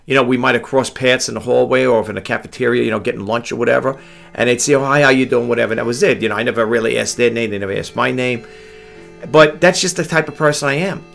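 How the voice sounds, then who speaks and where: A man's voice: medium pitch, fast talker, vocal fry, fairly bright tone, soft background music. A tired middle-aged man from New York, rambling through stories late at night in his home, often repeating words and drifting between topics. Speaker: online reseller vlogger. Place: home room with a grandfather clock.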